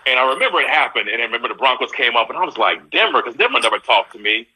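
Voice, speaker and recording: A middle-aged man joins a live video call as a guest and tells stories between bouts of laughter. His mid-range voice is rapid-fire and slightly rough, and the audio quality is poor.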